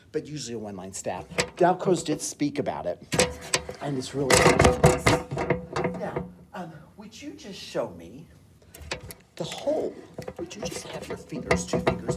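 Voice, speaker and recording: A woman's voice: rumbling low, sing-song, moderate pace, heavy background noise. A woman music teacher leading a eurhythmics class, encouraging her students and chanting counts and syllables. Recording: distant mic with piano playing.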